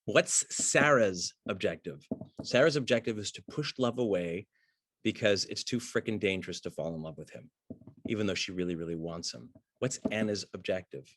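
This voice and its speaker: A man teaching acting, breaking down a film scene in an animated way and acting out the characters' lines. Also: fairly low pitch, moderate pace. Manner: excitable, acts out the lines of those he talks about.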